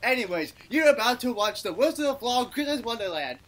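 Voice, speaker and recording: A woman hosting a homemade toy-doll play, voicing it in an excitable, exclamatory way. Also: on the high side, a little fast, background noise. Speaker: host and voicer of the toy play.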